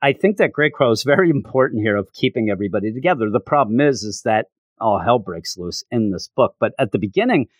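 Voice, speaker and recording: A man talks through a comic book issue in a loose, rambling recap. His pitch moves a lot as he goes, and the sound is dry and close. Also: fast, no room sound. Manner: rambling, animated. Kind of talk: casual recap.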